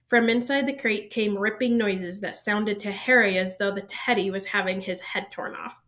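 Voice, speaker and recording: A woman reading a children's novel aloud, narrating in an even, steady storytelling manner. She keeps the flow plain, now and then catching and fixing a slipped word. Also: medium pitch, normal speed. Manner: even storytelling pace, small self-corrections. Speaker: reader.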